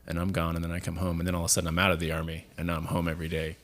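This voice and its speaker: A man's voice: sits low, completely flat delivery, racing, a bit bright. A man who served in the army, speaking candidly and confessionally as a podcast guest. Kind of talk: casual conversation.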